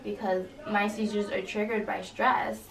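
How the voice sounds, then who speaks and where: A young woman, a college student, recounting an incident in an interview, halting and full of fillers. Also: mid-range voice, level tone, creaky, a bit bright. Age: young adult. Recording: roomy echo, distant mic, faint noise.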